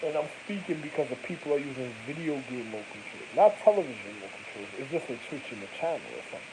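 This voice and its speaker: A man's voice: medium pitch, animated, fast, background noise. A man rambling through a casual monologue, profane and slangy, jumping from one thought to the next.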